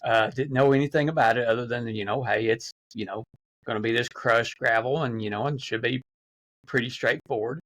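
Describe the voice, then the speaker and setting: A man's voice: medium pitch, fairly quick, a bit bright, rough recording. A man, a podcast guest, telling stories in a rambling casual way, with many fillers and restarts. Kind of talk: casual storytelling.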